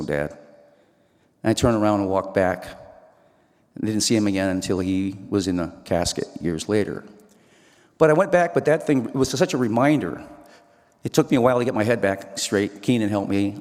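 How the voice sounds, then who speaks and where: A man's voice: fairly low pitch, a little mellow. A man giving an earnest talk about his life, recalling scenes and quoting dialogue as a storyteller. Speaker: speaker. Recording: hall reverb.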